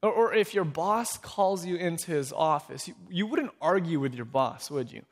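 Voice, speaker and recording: A man preaching a sermon in an animated way, often restarting with repeated words. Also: a little high, normal speed. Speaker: pastor.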